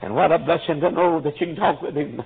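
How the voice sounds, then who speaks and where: A man preaching an impassioned storytelling sermon, fervent, with frequent fillers and sudden shouts, in a tinny, lo-fi recording. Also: a little high, quick pace, creaky, husky.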